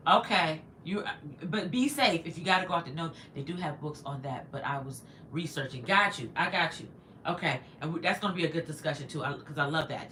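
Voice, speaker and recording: A woman's voice: sits low, a bit bright, slight background noise. A woman in her fifties telling a long personal story on a livestream, chatty and digressive, stopping to answer viewer comments. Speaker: livestream host.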